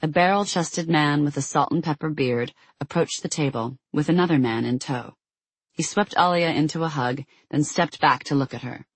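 Husky, measured audiobook narrator. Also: mid-range voice, dry recording. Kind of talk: scripted narration.

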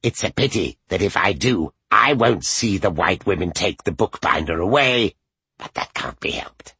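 A man doing a hoarse, cackling old witch. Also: low-pitched, expressive, pushed and bright, dry recording, exaggerated voice. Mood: feverish scheming. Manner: feverish, rushing, spiteful. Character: feverish, scheming old woman, a cackling witch.

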